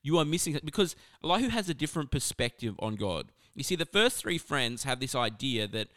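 A man giving a casual, conversational sermon on scripture, animated and full of asides. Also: mid-range voice, fairly quick, no echo, clean studio sound. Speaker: preacher.

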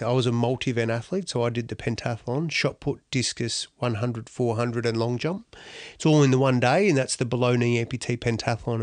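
A middle-aged Australian man, a former athlete, telling his story in a lively, slangy, self-deprecating way. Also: medium pitch, no echo. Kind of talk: storytelling talk.

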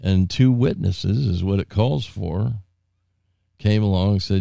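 Low gravelly guy preaching, folksy retelling of a bible story, dry sound. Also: animated, measured pace, mellow, no echo. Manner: folksy storytelling, retelling scripture in his own words; rambling with frequent restarts and asides. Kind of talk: informal Bible teaching.

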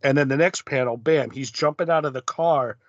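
Man, podcast co-host, measured casual talk, middle pitch, muffled dry recording. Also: dry recording. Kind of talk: casual chat recapping a comic.

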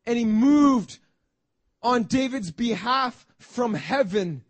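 A man preaching a sermon as a pastor, fervent and repetitive, building up to shouts. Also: very high-pitched, animated, slow pace. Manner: fervent preaching, repeats phrases, rising to shouts.

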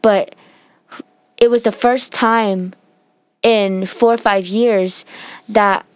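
A woman's voice: mid-range voice, steady tone, takes it slowly, smooth, dry recording. Teen girl telling a heartfelt story, dry sound. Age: teens. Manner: heartfelt, tearful at times, many fillers. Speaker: student sharing a personal story. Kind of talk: emotional personal storytelling.

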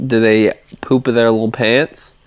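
A man's voice: medium pitch, flat delivery, unhurried, muffled recording, faint music behind. A young man co-hosting a podcast on a video call, overtired and playful, laughing often in casual chat. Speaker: podcast co-host.

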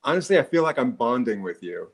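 A man's voice: mid-range voice, fast, poor audio. A middle-aged man co-hosting a casual chat podcast. He tells stories with jokes and heavy emphasis. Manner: animated storyteller, jokey, exaggerated emphasis. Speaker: podcast co-host.

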